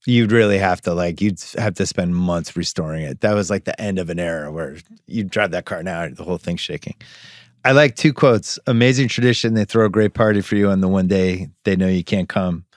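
A middle-aged man hosting a podcast, chatting casually about a film in a relaxed, dry way and quoting its lines. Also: low voice, a little fast, no echo. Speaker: podcast host. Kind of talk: casual movie chat.

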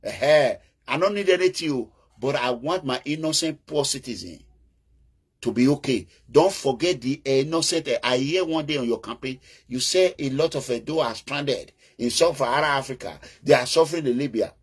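Husky emphatic Nigerian man. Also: medium pitch, expressive, moderate pace. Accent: Nigerian, Edo. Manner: emphatic, bursts into chanting and calls, mixes in Pidgin. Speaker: political commentator. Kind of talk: casual political monologue.

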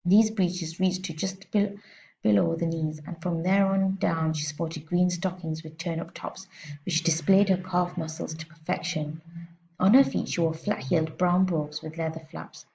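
A woman teacher reading a children's storybook aloud with expressive, steady narration, heard on a slightly muffled lo-fi recording. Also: lowish voice, normal speed, gravelly.

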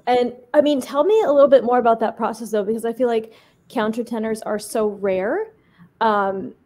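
A woman's voice: a little high, moderate pace, warm tone. A woman interviewing a guest, engaged and curious in her questions. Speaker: magazine interviewer, host. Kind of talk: conversational interview.

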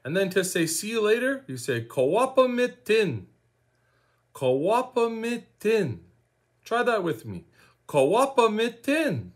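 A man from Saskatchewan, Canada, teaching a language lesson in a slow, encouraging way, repeating each word for learners to say along. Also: sits high, big pitch swings, slightly rough.

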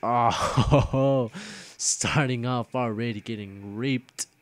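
A man's voice: mid-range voice, very animated, normal speed. A young man giving casual gameplay commentary as host of his own video series. He jokes, grumbles and trash-talks at other players.

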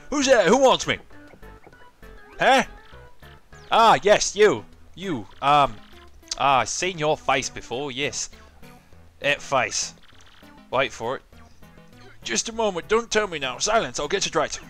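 A man voicing a loud, absent-minded old male goomba professor, blustery and theatrical, over faint game music. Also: a little high, lively intonation, slow, pauses often, pitched above the performer's own voice, heavily acted. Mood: blustering.

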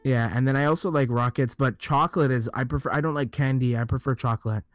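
A man chats as co-host on a podcast, mid-pitched and easygoing. He often trails off and gropes for the word he wants. Soft music sits faintly behind him. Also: fast talker, no echo. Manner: hesitant, searching for words. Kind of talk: casual podcast chat. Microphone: own microphone.

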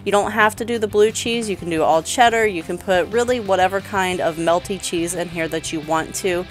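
A woman in her thirties narrating a cooking voice-over, calmly explaining each step of a recipe. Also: on the low side, brisk, soft background music. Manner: relaxed step-by-step instructions. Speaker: cooking channel host.

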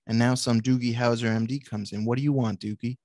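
A man's voice: mid-range voice, fairly even intonation, dark tone, no room sound, close to an everyday voice. A man reading the lines of a blunt, crude patient in his sixties, staying close to his own voice. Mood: irritated. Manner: blunt and crude, quick to snap.

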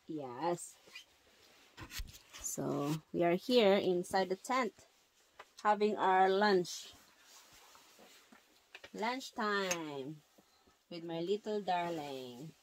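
A woman chatting softly and playfully with her young child during a family vlog in an ice fishing tent. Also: lowish voice, lively intonation, very slow, long pauses, slight background noise. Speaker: vlogger, mother. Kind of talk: casual family vlog chat.

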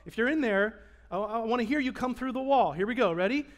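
A man pastor preaching a sermon in a church, emphatic and animated, drawing call-and-response from the congregation. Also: extremely high pitch, a little fast. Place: church sanctuary.

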